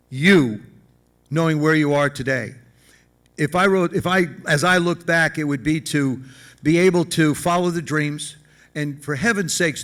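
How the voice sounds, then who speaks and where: Man, banquet guest speaker; high bright voice, folksy and emphatic, repeats himself. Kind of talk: stage interview and charity auction. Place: large banquet hall event.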